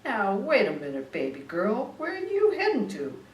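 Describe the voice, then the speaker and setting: A woman reading aloud, voicing a brash, smooth-talking male mob crony with a streetwise drawl, recorded at a distance in a roomy space. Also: mid-range voice, wildly swooping pitch, normal speed, a little hiss or hum, voice pushed up. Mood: coaxing. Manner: streetwise drawl, calls her baby girl. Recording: roomy room, distant mic.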